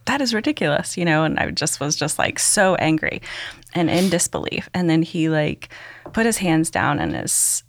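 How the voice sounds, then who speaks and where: A woman's voice: sits low, big pitch swings, moderate pace, gravelly. A woman, a podcast guest, giving an earnest personal testimony, rambling with many "likes" and ums.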